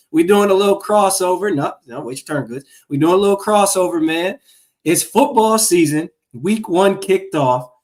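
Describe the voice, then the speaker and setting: A man from Minneapolis co-hosting a podcast, chatting about sports in a laid-back, playful way. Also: on the high side. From Minneapolis, USA. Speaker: podcast co-host. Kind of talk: casual sports talk.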